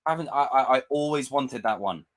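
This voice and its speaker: A man's voice: mid-range voice, fairly quick. A young man hosting a live stream, chatting casually and ranting with lots of swearing. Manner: animated, swearing, ranting fan. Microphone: desk mic with camera.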